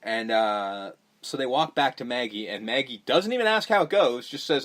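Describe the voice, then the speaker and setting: A man's voice: medium pitch, animated, moderate pace, fairly bright tone. Man recapping a movie, casual and profane. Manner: swears freely, acts out characters' lines. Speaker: podcast host.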